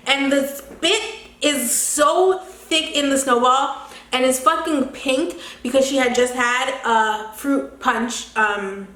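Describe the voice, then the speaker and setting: A young woman telling a casual storytime vlog, animated and slangy, swearing freely and laughing often. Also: high-pitched. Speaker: beauty vlogger. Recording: echoey room.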